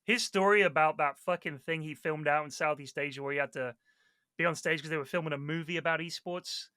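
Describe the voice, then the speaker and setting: A man chatting casually on a podcast, telling stories with lively acted-out quotes and plenty of swearing. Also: on the high side, brisk, smooth, dry recording, clean studio sound. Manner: animated storyteller, acts out quoted people, swears freely. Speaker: Dota 2 caster, podcast guest.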